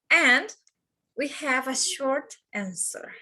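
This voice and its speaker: A woman teaching an English grammar lesson, repeating example sentences slowly and carefully. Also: high-pitched, pushed and bright. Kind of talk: slow English grammar lesson with Spanish explanations.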